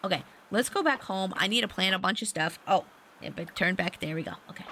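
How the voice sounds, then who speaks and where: Bubbly woman gamer chatting on stream, bright tense voice, gets squealy, faint hiss behind. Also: medium pitch, brisk. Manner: bubbly, excitable, squeals at finds. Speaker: game streamer. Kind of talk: casual gameplay stream chat.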